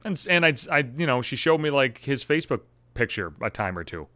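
A man telling a personal story to camera in a profane, animated way, acting out his own thoughts. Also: medium pitch, brisk, dry recording. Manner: animated, swearing, acts out his own inner voice. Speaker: vlogger.

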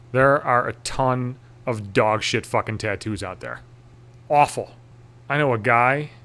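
Guy doing a swear-heavy comedy rant, nervous self-mocking rambling, stumbles and restarts a lot, average pitch. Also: fairly bright tone. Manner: profane, self-deprecating, anxious rambling with restarts.

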